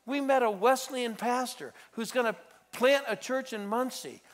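A middle-aged man preaching a sermon as a storyteller, moving between loud exhortation and hushed intensity. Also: very high-pitched, a little slow. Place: church sanctuary.

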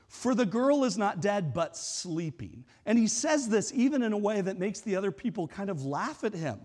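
A man's voice: high-pitched, very animated, moderate pace, darkish tone, long reverb tail. A man preaching a sermon as a pastor, casual and conversational, acting out the lines he quotes.

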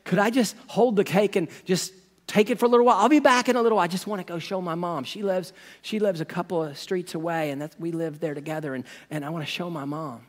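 A timid working woman, her voice pitched high and breaking into halting repeats, as a man acts her out in a sermon story. She pleads softly and hesitantly. Her words trail off into a long echo from a big sanctuary. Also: fairly even intonation. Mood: timid pleading. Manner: hesitant, soft and stammering.

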